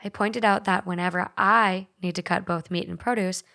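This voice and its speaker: A young podcast host with a light Minnesotan accent speaks in a medium-pitched voice that is steady, creaky, bright, and forceful, at a moderate pace. She chats casually, swears freely, and reads listener stories out loud.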